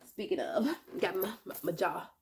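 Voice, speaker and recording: A young woman giving casual advice in a chatty, animated vlog, correcting herself with playful asides. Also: on the low side, moderate pace, gravelly. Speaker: vlogger.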